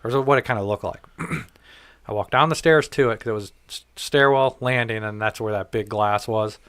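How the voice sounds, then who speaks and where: Pitched fairly low and speaking at a moderate clip, this man hosts a podcast and spins a story in relaxed chat. The recording is dry, and he swears liberally while acting out quoted dialogue with lots of energy.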